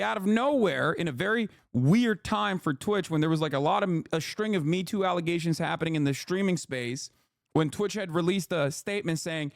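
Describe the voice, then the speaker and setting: A man's voice: high voice, vocal fry, no room sound, clean studio sound. A man in his thirties, a streamer giving casual, profane, exasperated commentary on news.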